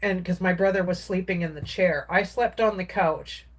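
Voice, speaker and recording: A woman's voice: lowish voice, moderate pace. A woman, a craft vlogger, casually recounting a personal story in a rambling way, with many restarts and filler words.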